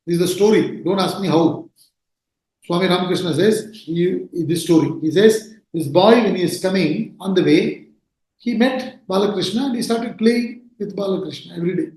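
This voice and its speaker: A man's voice: sits high, moderate pace, darkish tone. A man giving a spiritual discourse on scripture, earnest and emphatic, and he often asks rhetorical questions. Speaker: spiritual teacher. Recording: very echoey room.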